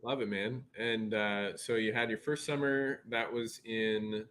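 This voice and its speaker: Upbeat podcast host on a call. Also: male voice, on the low side, steady tone, unhurried, fairly bright tone. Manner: upbeat, friendly, asks chatty questions. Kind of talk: casual interview chat. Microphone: remote call.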